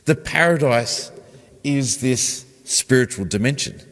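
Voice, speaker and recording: Speaking at an unhurried pace in a medium-pitched, animated, somewhat bright voice, a pastor delivers a conversational sermon and poses questions to the congregation. The church setting adds a long reverb.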